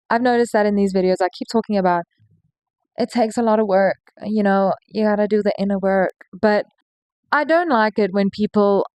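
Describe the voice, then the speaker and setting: A woman's voice: medium pitch, a little mellow, dry recording. A young woman hosting a podcast, talking in an earnest, chatty way with lots of "like"s and little laughs. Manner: chatty, earnest, laughs between thoughts, many "like"s. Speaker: podcast host. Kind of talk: casual reflective monologue.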